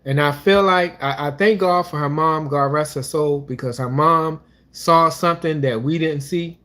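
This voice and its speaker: A man's voice: on the high side, moderate pace, fairly bright tone. A man co-hosting a couples channel, talking casually and rambling about his life, with restarts and religious asides. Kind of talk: casual personal talk.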